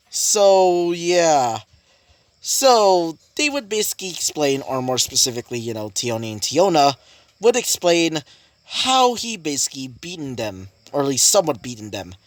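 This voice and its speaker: A man tells a fan-made story off the cuff, leaning on filler words as he goes. His pitch bounces around a lot. The sound is dry and close, with no room around it. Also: sing-song, moderate pace, no room sound. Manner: rambling, full of fillers like "basically" and "you know". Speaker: YouTube storyteller. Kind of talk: casual fan-fiction story narration.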